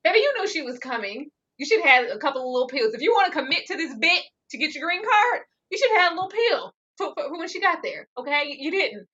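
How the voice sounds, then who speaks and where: A woman with a high, sharp, bright voice recaps reality TV in casual chat. She reacts theatrically and laughs through her lines. The sound is dull and lo-fi. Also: big pitch swings, quick pace, hardly any pauses.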